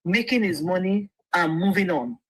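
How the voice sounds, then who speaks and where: A woman speaks earnestly as a lawyer guest, her voice husky and swinging widely in pitch. She often stumbles and restarts her words, and the sound is close and dry. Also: lively intonation, normal speed, no room sound, poor audio. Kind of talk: livestream interview.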